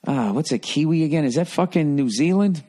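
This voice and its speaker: A man's voice: on the high side, animated, a little fast, mellow. A man hosting a comedy podcast who reads listener letters aloud and gives blunt advice with profane, rambling, sarcastic asides. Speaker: podcast host.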